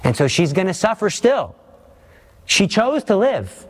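A man preaching a sermon, earnest and impassioned, slowing down to stress key points and pressing his listeners with pleading questions. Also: high-pitched, very animated. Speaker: Catholic preacher.

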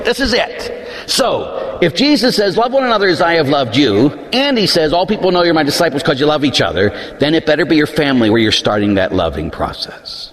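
A man preaching a sermon as a pastor, acting out voices in his stories and dropping low and intense for emphasis. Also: big pitch swings, brisk. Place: church. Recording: church hall reverb.

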